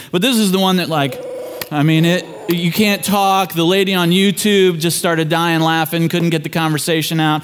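A man's voice: fairly high pitch, clean tone. A middle-aged man, a pastor, telling a family story in a conversational, folksy way as part of a sermon.

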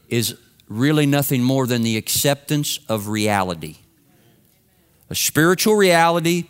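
A man's voice: mid-range voice, smooth. A man preaching a sermon to his congregation in a conversational, humorous storytelling way. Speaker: pastor. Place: church sanctuary with congregation.

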